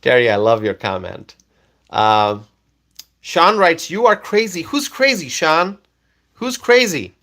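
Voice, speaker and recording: Male livestream host from Bangladesh, slow-paced and very expressive, reads comments aloud. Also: fairly high pitch. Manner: animated, repeats questions, laughs often. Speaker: livestream host reading chat. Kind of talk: live stream chat reading.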